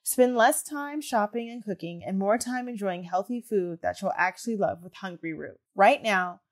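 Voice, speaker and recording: A woman's voice: mid-range voice, moderate pace. A woman podcast host giving a scripted, upbeat ad read.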